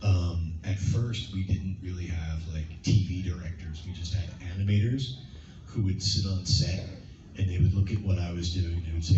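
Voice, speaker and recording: Animated man on a convention panel, low voice. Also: moderate pace, distant mic, background noise. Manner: animated, acts out lines in playful voices. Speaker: guest at a fan convention panel. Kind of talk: casual Q&A storytelling. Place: large convention hall. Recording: muffled, echoey hall from afar. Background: crowd ambience.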